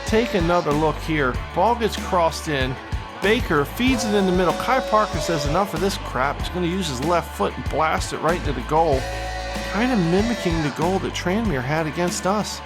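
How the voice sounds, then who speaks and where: A man hosting a gaming video, calling the on-screen action in an excitable mock sportscaster style with bursts of frustration. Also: fairly high pitch, normal speed, over loud music. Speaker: gaming channel host. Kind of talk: play-by-play gameplay commentary.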